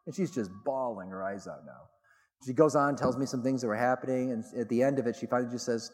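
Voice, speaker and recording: A middle-aged man, a theologian, gives a public talk to a live audience, telling stories with animated delivery and emphatic repetition. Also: mid-range voice, fast talker. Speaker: theologian and speaker. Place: large hall with audience. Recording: long reverb in a large hall.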